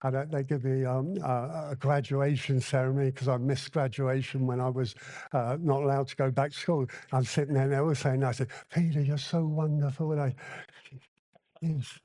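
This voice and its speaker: A man's voice: medium pitch, little pitch movement, normal speed, dark tone, no room sound. A man sharing his recovery story at a convention, telling it bluntly and candidly and acting out the dialogue. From Hong Kong. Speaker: recovery meeting speaker. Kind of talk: personal recovery share at a convention. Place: convention hall.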